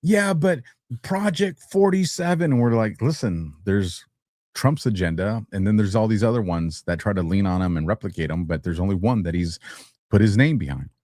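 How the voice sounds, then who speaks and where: A man's voice: low-pitched, brisk, darkish tone, dry recording, clean studio sound. A man hosting a livestream show, talking casually and animatedly, teasing his chat and laughing often. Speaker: host.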